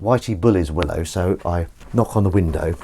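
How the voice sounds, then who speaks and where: A man's voice: deep voice, moderate pace, mellow, a little hiss or hum. A man chatting casually on a live stream while washing up, rambling and self-mocking, sometimes cooing at his cat. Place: home kitchen. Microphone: desk microphone.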